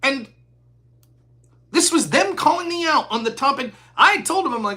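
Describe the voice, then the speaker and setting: A man's voice: very high voice, very animated, a little fast, pushed and bright. A man of forty hosting a live stream, talking in a profane, heated rant. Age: 40s. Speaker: host.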